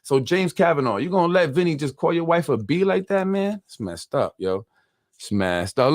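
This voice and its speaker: A man's voice: medium pitch, animated, normal speed, no room sound. A man hosting a casual local politics show, teasing and mocking his critics in a sing-song way. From Yonkers, New York. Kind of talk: casual political livestream commentary. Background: hip hop music.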